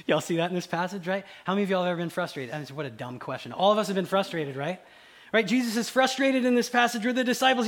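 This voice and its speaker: Male pastor, slightly high voice, conversational sermon, quiet asides, bursts of loud fervor. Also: fast. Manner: conversational preaching, shifts between soft low asides and loud excited acted quotes.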